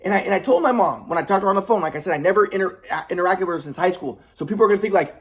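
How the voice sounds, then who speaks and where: A young man talking quickly in an agitated, rambling monologue, swearing as he goes. His pitch jumps around a lot. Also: lively intonation. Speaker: vlogger. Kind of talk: casual monologue.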